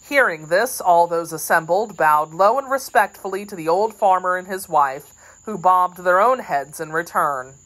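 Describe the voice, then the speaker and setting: A woman narrating a classic children's storybook in a measured, expressive way. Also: lowish voice, rough recording. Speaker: audiobook reader.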